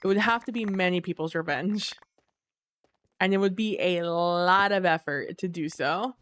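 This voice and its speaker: A sleepy woman streamer musing aloud to her chat as she plays, her voice pitched a little low. She talks in a relaxed, easy-going way, with a faint hiss and soft clicks behind her. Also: moderate pace. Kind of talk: casual live gameplay chat.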